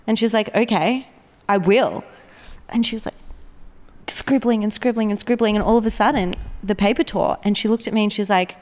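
A woman who works as a children's therapist, chatting casually and acting out the conversations she retells with lively energy. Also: medium pitch, a little fast, long reverb tail. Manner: animated storyteller, acting out quoted dialogue.

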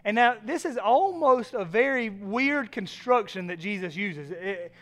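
A male pastor delivering a sermon in a high-pitched voice. He tells stories in an animated way and rises to loud, forceful emphasis. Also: unhurried.

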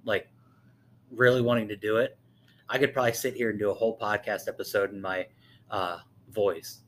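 A man's voice: lowish voice, fairly even intonation, a little fast, slight background noise. A young man co-hosting a podcast in casual chat, rambling with lots of fillers and swearing. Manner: rambling, profane, many fillers. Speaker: podcast co-host.

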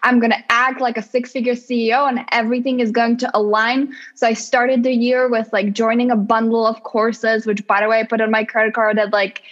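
A woman guest on a casual podcast interview, telling her business story in an animated way and acting out her own past thoughts. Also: fairly high pitch, brisk, few pauses, lo-fi sound.

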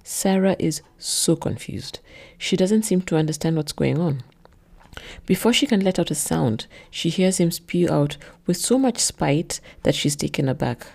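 A woman narrating her own written story in a measured, low-key way. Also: gravelly, a little mellow. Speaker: narrator and author.

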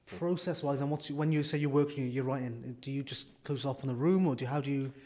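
A man's voice: mid-range voice, fast talker, dark tone. A man hosting a podcast, asking questions and dropping short encouraging interjections in casual chat. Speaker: podcast host.

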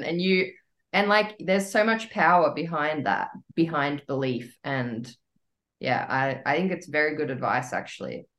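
A woman's voice: low-pitched, normal speed, a bit bright. A woman co-hosting a podcast, chatting casually with many fillers. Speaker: podcast co-host. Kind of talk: casual chat.

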